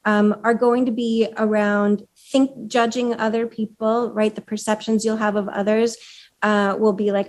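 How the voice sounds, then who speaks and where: A woman's voice: mid-range voice, level tone, normal speed, a little mellow. A woman giving a live presentation at a chapter meeting, talking conversationally with fillers and putting questions to the audience.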